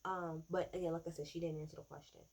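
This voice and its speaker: A woman in her twenties giving a casual, opinionated recap of a debate, sarcastic and swearing, breaking into loud outrage. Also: deep voice, fairly even intonation, fast talker, gravelly. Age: 20s. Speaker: political commentator.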